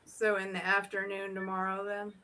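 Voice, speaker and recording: A woman's voice: mid-range voice, monotone, moderate pace, bright, forceful tone. A woman chatting casually as a guest on a live stream, easygoing and joking. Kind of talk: casual chat.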